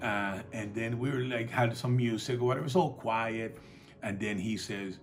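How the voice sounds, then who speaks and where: A man preaching a sermon in a relaxed, conversational way, telling stories and acting out the dialogue. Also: mid-range voice, moderate pace, faint music behind. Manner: calls for audience responses. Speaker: pastor.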